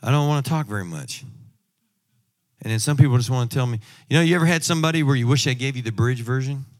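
A man preaching a sermon, emphatic, moving from loud exhortation to quiet asides and humorous personal stories. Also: medium pitch, quick pace.

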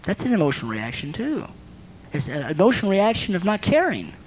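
A woman's voice: on the low side, huge pitch swings, fairly quick, a little mellow, a little hiss or hum, rough recording. A woman preaching a sermon, exhorting her listeners and often repeating words as she restarts.

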